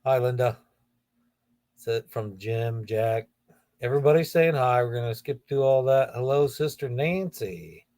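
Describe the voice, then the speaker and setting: A man's voice: medium pitch, unhurried, warm tone, dry recording. A middle-aged man from Ohio hosting a casual livestream, reading viewer comments aloud and joking with them by name. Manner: chatty, jokey, greets viewers by name. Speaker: livestream host.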